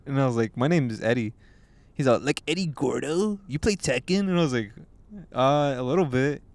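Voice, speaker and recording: A man's voice: mid-range voice, expressive, brisk, darkish tone, no room sound. A young man co-hosting a podcast, chatting casually and rambling, with frequent restarts and plenty of swearing. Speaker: podcast co-host. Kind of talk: casual chat.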